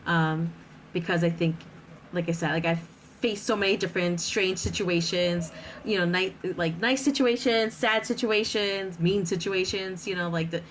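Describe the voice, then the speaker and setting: Laughing frequently and using plenty of fillers, a podcast guest in her thirties talks casually. Her voice sits on the low side at normal speed, and the low-quality recording carries a slight hiss or hum.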